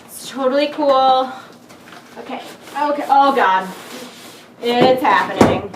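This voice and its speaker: A young woman with a high voice chatters giddily through an unboxing, joking and muttering to herself as she fiddles with the packaging. She is picked up by a camera mic in an echoey room, with a faint hiss behind her. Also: takes it slowly. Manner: giddy, jokey, talks to herself while fiddling with the box. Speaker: unboxing vlogger. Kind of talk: excited casual unboxing talk.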